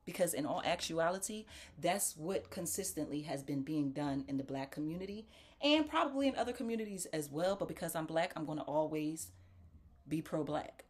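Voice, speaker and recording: A woman telling a casual story to viewers, acting out the voices of the people in it. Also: sits low. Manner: animated, acts out quoted voices; talks straight to viewers as "y'all". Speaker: talk show host.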